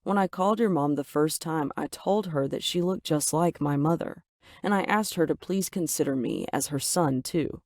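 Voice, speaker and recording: A woman voicing a gentle, earnest young man in an animated story. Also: deep voice, moderate pace, dry recording, lightly acted.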